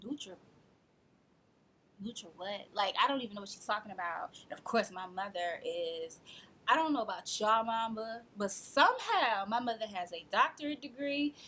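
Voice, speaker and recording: A woman in her twenties tells her own story straight to camera, talking casually and with lots of life. She acts out the people she quotes and laughs often as she goes. Her voice sits at an ordinary middle pitch. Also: fairly bright tone. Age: 20s. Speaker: vlogger.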